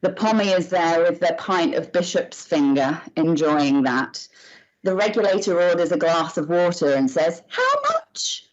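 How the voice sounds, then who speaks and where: Woman panelist, playful joker, lowish voice, muffled video-call sound. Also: moderate pace, darkish tone. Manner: playful, laughs between phrases. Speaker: panel guest. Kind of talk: casual joking banter.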